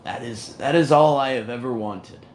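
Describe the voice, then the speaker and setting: Hosting a casual audio chat room, a man rambles in an ironic, self-mocking way. His mid-range voice keeps a moderate pace over a slight hiss or hum.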